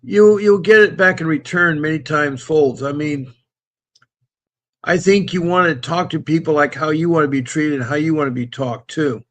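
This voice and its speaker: A man's voice: on the high side, moderate pace. Chatty man hosting a call-in stream. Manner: chatty, repeats himself, talks straight to viewers. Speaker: host of a call-in livestream. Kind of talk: casual live-stream chat, reading viewer comments.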